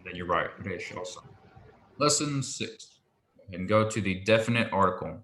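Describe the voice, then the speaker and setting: A man's voice: sits low, expressive, a bit bright, slight background noise. Patient man teaching in an echoey room. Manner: patient, explains slowly and repeats pronunciations. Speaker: Hebrew teacher. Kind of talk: one-on-one language lesson.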